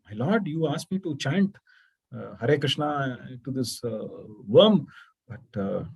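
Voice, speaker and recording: Man playing an anxious male sage, hesitant and pleading, raised pitch, husky. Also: big pitch swings, measured pace, a little mellow, exaggerated voice.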